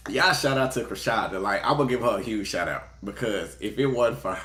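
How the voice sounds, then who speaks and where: A man's voice: fairly low pitch, brisk, few pauses, fairly bright tone, a little hiss or hum. Laid-back man, roomy echo. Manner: chatty, laid-back, breaks into laughter while storytelling. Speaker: tarot reader. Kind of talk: casual livestream chat and tarot reading.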